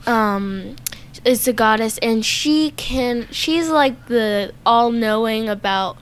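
A woman's voice: fairly high pitch, slow, clear, resonant tone. A woman in casual chat, sharing facts loosely with lots of fillers. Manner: chatty, filler-heavy, giggly.

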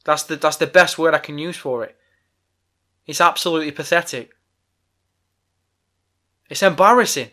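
A man's voice: fairly high pitch, moderate pace, pauses often, bright, forceful tone. A man hosting a podcast, delivering a heated, profane, exasperated rant. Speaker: podcast host. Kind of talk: ranting podcast monologue.

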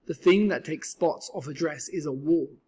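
A man with a husky voice voicing a mischievous, playful male cat in a storybook read-aloud. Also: on the high side, normal speed, warm tone. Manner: playful, laughing, sly. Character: mischievous grinning male cat, tall hat.

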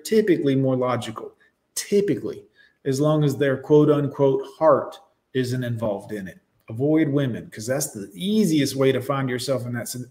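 A man's voice: a little high, darkish tone. Young man, sarcastic profane reaction commentator. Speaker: commentator reacting to news clips.

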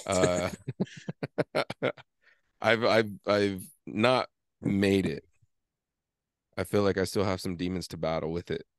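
A man's voice: deep voice, steady tone, takes it slowly, long pauses, dry recording, studio quality. A man on a podcast, casually telling a story with lots of swearing and acting out his own inner argument. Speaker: podcast co-host. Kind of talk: casual chat.

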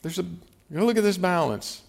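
A man's voice: high voice, lively intonation, a little fast, creaky. Man preaching a conversational sermon. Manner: conversational, emphatic with restarts and scripture reading. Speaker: pastor.

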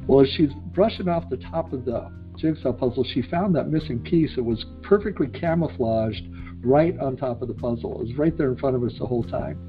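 A male interviewer tells a folksy family story before posing his question, conversational and a little halting. The sound is slightly muffled, with faint music in the background. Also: medium pitch. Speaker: host. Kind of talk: interview questions with a personal anecdote.

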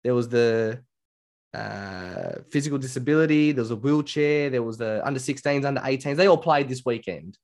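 An Australian man co-hosting a casual podcast chat, telling stories in a chatty, animated way. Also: medium pitch, moderate pace. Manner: chatty, animated storytelling with quoted voices. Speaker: podcast co-host.

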